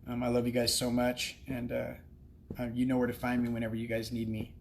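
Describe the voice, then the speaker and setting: A man's voice: mid-range voice, monotone, brisk, darkish tone, slight background noise. A man in recovery sharing his story during a livestream from a cafe. He is emotional and rambles, with many ums and restarts. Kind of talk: heartfelt livestream speech.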